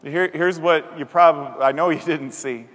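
A man's voice: fairly high pitch, moderate pace, fairly bright tone. A man pastor preaching a sermon, telling a story and acting out the voices he quotes with animation. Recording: long hall reverb.

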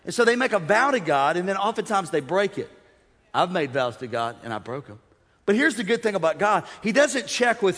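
High, bright-voiced male pastor preaching. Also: brisk. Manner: energetic preaching with audience call-outs and humor. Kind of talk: sermon. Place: church sanctuary. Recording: long reverb of a large hall.

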